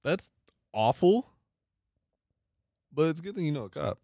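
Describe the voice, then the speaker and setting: A man's voice: a little high, big pitch swings, measured pace, vocal fry, mellow, dry recording, studio quality. A man chatting casually in a laid-back way and swearing loosely. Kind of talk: casual chat.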